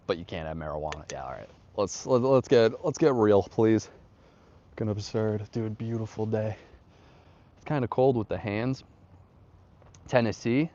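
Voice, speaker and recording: Low-voiced laid-back young streamer. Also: male voice, a little mellow, lo-fi sound. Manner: laid-back slangy, greets chat. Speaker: livestream host. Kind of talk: casual livestream chat. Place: outdoors. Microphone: phone on tripod.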